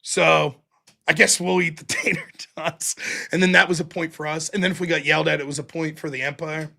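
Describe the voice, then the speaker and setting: Bright, profane American man telling stories. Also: on the high side, fairly even intonation, brisk, gravelly. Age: 40s. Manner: profane, rowdy, acts out quoted voices. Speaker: show host. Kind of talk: casual storytelling monologue.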